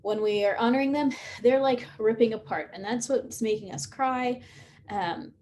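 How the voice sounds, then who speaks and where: A woman's voice: a little high, normal speed, a little mellow. Rambling woman hosting a live Q&A. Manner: rambling, many fillers and restarts. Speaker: host of a live Q&A session. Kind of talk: casual live-stream Q&A.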